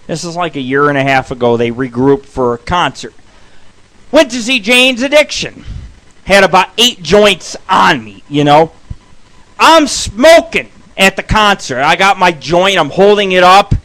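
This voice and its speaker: Male radio host, bright forceful tone, rambling foul-mouthed storyteller. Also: high voice, low-quality recording. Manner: rambling, swears constantly, shouts punchlines. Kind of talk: profane comic storytelling.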